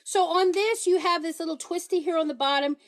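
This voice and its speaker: A woman's voice: very high-pitched, a little fast. A middle-aged woman hosting a casual live stream, demonstrating a product in a chatty, repetitive way with a joking hard sell. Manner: chatty, repeats herself, jokey hard sell. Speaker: TikTok live seller.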